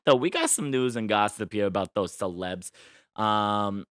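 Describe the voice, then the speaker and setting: A man's voice: fairly low pitch, measured pace, fairly bright tone, clear, resonant tone, no room sound, clean studio sound. A man hosting a solo podcast in a casual, playful style, boasting tongue-in-cheek and chatting loosely about the news. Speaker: podcast host.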